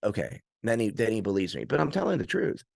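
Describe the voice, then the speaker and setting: A man with a low-pitched voice tells rambling, animated stories in a casual podcast chat. He often restarts his sentences. The sound is dry and close, with no room echo. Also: quick pace, gravelly. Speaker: arm wrestler and trainer, podcast guest.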